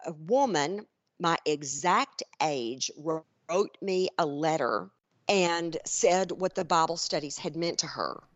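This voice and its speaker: A woman's voice: low-pitched, expressive, slow pace, dry recording. A woman, a podcast guest telling stories in casual chat, often restarting and repeating words. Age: 60s. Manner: chatty storyteller, frequent restarts and repeats. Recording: dry, slightly muffled podcast audio.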